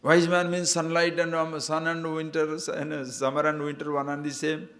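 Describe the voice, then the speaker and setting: A spiritual teacher with a voice on the high side speaks at normal speed, giving an animated discourse. He tells stories, laughs at them himself, and urges listeners to see and understand.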